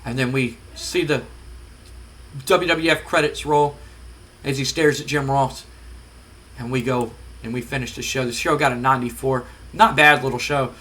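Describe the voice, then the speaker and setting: A man casually narrating his wrestling management game, chatty and relaxed with frequent ums. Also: medium pitch, moderate pace. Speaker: gamer narrating a wrestling sim. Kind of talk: casual let's-play commentary.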